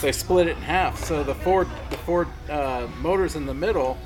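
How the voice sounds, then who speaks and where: A man with a slightly high voice tells railroad stories in a relaxed conversation, swearing casually as he goes. He acts out both sides of the dialogue in his stories. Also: normal speed, over music, poor audio. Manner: animated storyteller acting out dialogue, swears casually. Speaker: railroad worker. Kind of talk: casual storytelling chat.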